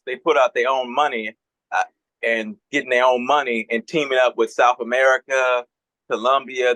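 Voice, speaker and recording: Bright-toned man thinking aloud. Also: medium pitch, no room sound, poor audio. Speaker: panel guest. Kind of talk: casual online panel chat.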